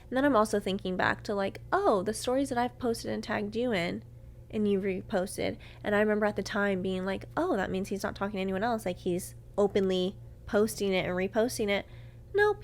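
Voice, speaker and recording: A woman podcast host telling a candid personal story, swearing freely and swinging from quiet murmurs to loud outbursts as she acts out her own reactions. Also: medium pitch.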